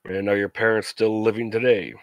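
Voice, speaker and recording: A man acting as game master, narrating a tabletop role-play game and asking measured in-character questions. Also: lowish voice, little pitch movement, dry recording.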